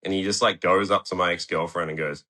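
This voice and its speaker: A man's voice: sits low, fairly even intonation, quick pace, bright, forceful tone. A young man, a skateboarder guest telling rambling, sweary stories in a casual podcast interview and acting out what people said. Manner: rambling storyteller who swears freely and acts out quotes. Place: podcast studio.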